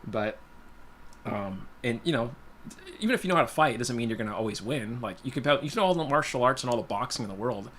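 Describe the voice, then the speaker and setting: A man tells a personal story on a casual stream at a quick clip. He rambles, leans on "you know" and "like", and speaks bluntly. His mid-range voice sits over a faint background hiss. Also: mid-range voice, expressive, fairly bright tone. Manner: blunt, plainspoken. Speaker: guitar livestream host.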